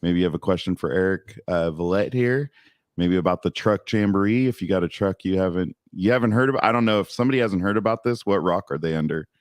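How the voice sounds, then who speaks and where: Laid-back low-voiced man from Central California, dry. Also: fast talker, dry recording. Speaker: podcast host. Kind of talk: casual podcast chat.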